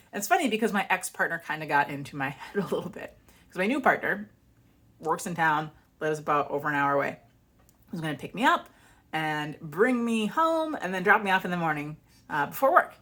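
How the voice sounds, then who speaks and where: Woman vlogger, chatty and animated storyteller, voice a touch low. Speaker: vlogger and author. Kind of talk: casual chat.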